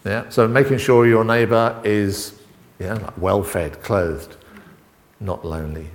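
A middle-aged man preaching an informal sermon, halting and full of restarts and asides as he talks with the congregation. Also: lowish voice, fairly even intonation. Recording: long reverb in a hall.

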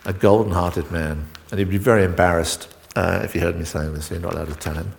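Middle-aged guy preaching casual, stops and restarts a lot, gravelly low voice, big reverby hall. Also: fairly even intonation, a little hiss or hum. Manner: halting, full of restarts and asides. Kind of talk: informal sermon with congregation back-and-forth.

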